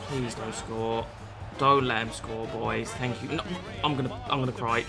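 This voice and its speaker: A man commentating his football video game with excitable, sweary energy, calling viewers lads. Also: mid-range voice, a little slow, over music. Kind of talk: gameplay commentary.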